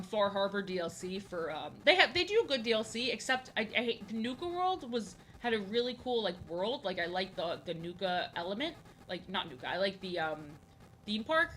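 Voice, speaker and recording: A bright-voiced young woman chatting loosely while she sketches on stream. She rambles and repeats herself and fills her pauses, talking into a desk mic. A faint hiss sits under her voice. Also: medium pitch, low-quality recording. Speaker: art streamer. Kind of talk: casual chat while drawing on stream.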